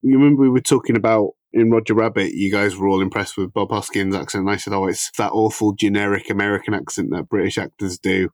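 Man chatting about films, low voice. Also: fairly even intonation, fast talker, few pauses, darkish tone, no room sound. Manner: analytical, enthusiastic about film details. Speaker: podcast co-host. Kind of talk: casual film discussion.

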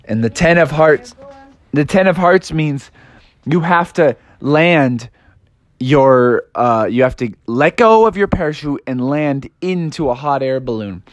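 A man telling a playful bedtime story to a child, animated and full of sound effects. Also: a little high, measured pace, dry recording.

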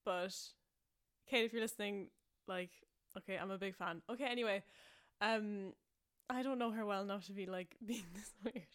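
A young woman with an Irish accent tells a story to her podcast listeners. She talks in a loose, rambling way, full of "like" and "um", and she often laughs at herself. Her voice sits at a middle pitch for a woman. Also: moderate pace, smooth. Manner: chatty and self-mocking, laughing often, many fillers. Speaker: podcast host.

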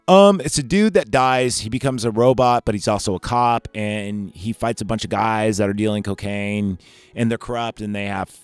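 Profane, excitable podcast host. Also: male voice, fairly low pitch, dry recording. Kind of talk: casual movie ranking chat.

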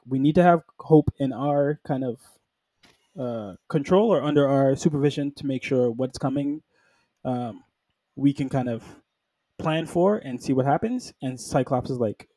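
A man with a warm, mellow, medium-pitched voice chats casually about comics, peppering his speech with "like" and acting out characters in quick quoted lines. The recording is dry, close, and rough, with no room sound.

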